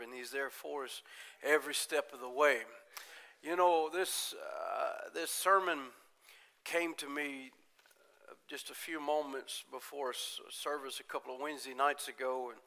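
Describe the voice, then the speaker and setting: A man preaching a sermon in church, retelling stories in quoted voices and building from quiet talk to loud, high-pitched preaching. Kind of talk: Pentecostal-style sermon.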